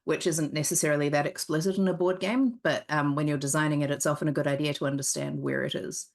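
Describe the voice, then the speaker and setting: A woman with a low, gravelly voice tells her stories candidly as a guest on a live stream. She rambles a little, restarting sentences as she goes, in relaxed conversational chat. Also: quick pace. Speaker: board game designer, guest. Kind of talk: casual interview chat.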